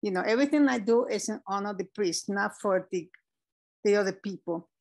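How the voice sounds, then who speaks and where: A woman's voice: mid-range voice, a little fast, darkish tone. A woman on a prayer call asking the host a question, earnest and searching for her words. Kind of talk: conversational question.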